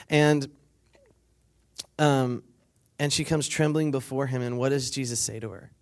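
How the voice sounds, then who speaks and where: A man's voice: medium pitch, moderate pace. A man delivers a conversational sermon to a retreat crowd. He reads scripture, then retells it in his own casual words, playing out the people in the story. He laughs along and gets the listeners to say lines back to him. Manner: conversational, acts out quotes, asks the crowd for responses. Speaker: speaker at a weekend retreat.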